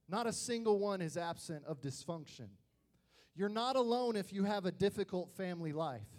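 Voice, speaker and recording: A young man preaching to youth, telling personal family stories in an animated way and acting out the voices of people he quotes. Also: sits high. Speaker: youth pastor.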